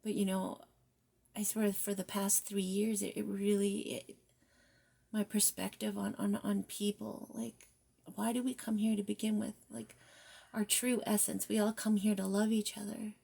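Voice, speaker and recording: A woman giving a spiritual guidance card reading, soft and reflective, often slipping into near-whispers and casual, mildly profane phrasing. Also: medium pitch, little pitch movement, moderate pace, vocal fry, slightly rough. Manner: casual, with mild swearing. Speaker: tarot reader.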